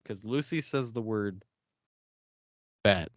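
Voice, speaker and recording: A man's voice: on the low side, takes it slowly, no echo. A young man hosting a podcast, chatting casually and laughing often as he acts out characters' lines. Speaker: podcast host. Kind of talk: casual chat recapping a TV episode.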